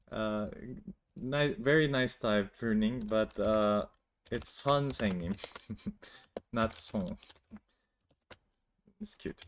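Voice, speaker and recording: A man's voice: on the low side, measured pace, long pauses, a little hiss or hum. A man teaching a language on a live stream, explaining in a loose, chatty way full of "like" and restarts and answering viewers' questions. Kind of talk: casual live-stream lesson.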